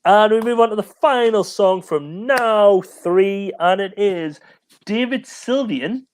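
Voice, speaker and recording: A man's voice: high voice, takes it slowly, smooth. A man co-hosting a music live stream, chatting casually, rambling and laughing, and tired. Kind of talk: casual chat.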